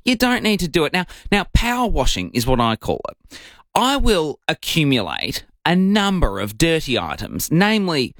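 Playful, animated male radio co-host. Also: a little high, normal speed, no room sound, studio quality. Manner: playful, lively, jokey delivery. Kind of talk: breakfast radio banter.

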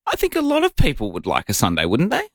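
A man's voice: fast, dry recording. A man co-hosting morning radio, his voice leaping up and down as he spins a yarn. The sound is dry and close, with no room around it. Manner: animated storyteller with big pitch swings. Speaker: radio co-host. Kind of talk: breakfast radio banter.

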